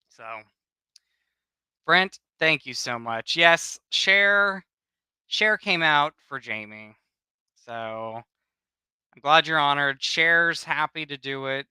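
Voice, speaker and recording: A man with a very bright, smooth voice, chatting casually on a livestream. He greets his viewers by name in an affectionate, gushing way. The sound is close and dry. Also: mid-range voice, dry recording, poor audio. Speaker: livestream host. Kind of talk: casual chat.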